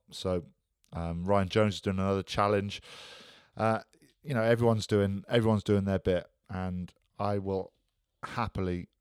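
A man's voice: deep voice, darkish tone, clean tone, no echo, clean studio sound. A man co-hosting a podcast, telling stories in an enthusiastic, rambling casual chat. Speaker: podcast co-host.

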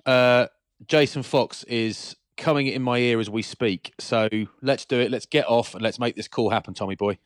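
A man co-hosting a podcast in casual chat, chatty and quick to laugh. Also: mid-range voice, dry recording, studio quality. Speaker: podcast co-host.

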